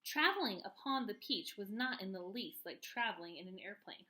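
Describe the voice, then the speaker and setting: A woman reading a children's book aloud with expressive delivery and little asides to her listeners. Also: mid-range voice, normal speed, poor audio. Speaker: reader.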